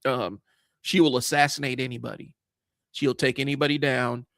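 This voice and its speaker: This livestream host, a man in his forties, chats casually about comic books, blunt and occasionally profane, rambling through fillers and false starts. His voice sits in the mid-range, a bit bright, level in tone, at a moderate pace. The recording is dry.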